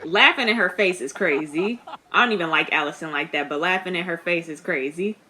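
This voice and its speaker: A young woman giving casual reaction commentary. She is chatty and expressive, laughs often, and talks back at the screen. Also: lowish voice, a little fast, background noise. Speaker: reaction vlogger.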